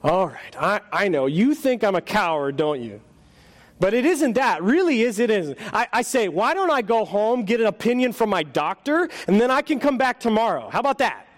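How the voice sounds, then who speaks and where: Whining, stammering ghost in a panic, high and frantic, voiced by a preacher. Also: male voice, big pitch swings, normal speed. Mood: wheedling excuses. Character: frightened whining male ghost clinging to sin.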